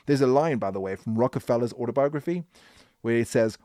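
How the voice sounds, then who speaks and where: A man hosting a podcast, telling a business history story in an animated, emphatic way. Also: medium pitch, fast talker, dry recording, studio quality. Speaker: podcast host.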